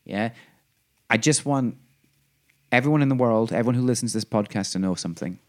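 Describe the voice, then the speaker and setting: Brisk and mid-pitched with a darkish tone, this podcast co-host chats casually, rambling with fillers and false starts as he raves eagerly about his favorite shows.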